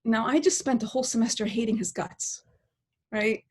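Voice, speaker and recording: A middle-aged woman with a fairly high voice, speaking as a podcast guest. She tells a reflective story in long, earnest, winding sentences. She keeps checking in with her listener with a quick "right?". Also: steady tone, a little mellow, a little hiss or hum. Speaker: podcast guest, political science professor.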